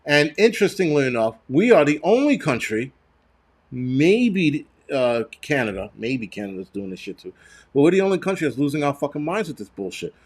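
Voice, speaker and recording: A slightly high, sing-song male voice at normal speed comes from a livestream host in the middle of an angry rant. He is blunt and swears nonstop, stumbling through restarts and repeated words.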